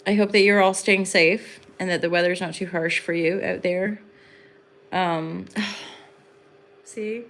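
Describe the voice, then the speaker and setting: A woman's voice: lowish voice, steady tone, slow pace, long pauses, a bit bright. A woman hosting a casual livestream into her phone at home in the evening, rambling and effusive, with lots of fillers. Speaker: livestream host and spiritual reader.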